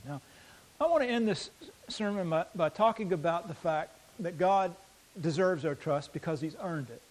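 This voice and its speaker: Male pastor, fairly high voice, sermon delivery with dynamic swings between loud and hushed. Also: low-quality recording. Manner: dynamic, swings from loud emphasis to quiet intensity; reads scripture aloud slowly.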